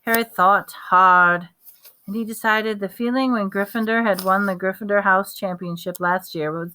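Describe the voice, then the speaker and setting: A woman reading a novel aloud at a steady pace, with small slips and restarts. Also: lowish voice. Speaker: audiobook reader.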